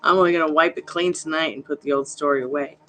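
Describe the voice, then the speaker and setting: A woman's voice: low voice, steady tone, fast, pushed and bright, slight background noise. Chatty woman reading tarot live. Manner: chatty and reassuring, greets viewers by name. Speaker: tarot reader hosting a live stream. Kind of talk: casual live-stream chat.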